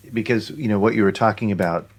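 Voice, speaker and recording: Low-voiced man musing thoughtfully. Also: fast talker. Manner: reflective, explaining ideas in a calm way. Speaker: podcast co-host. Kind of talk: casual podcast conversation.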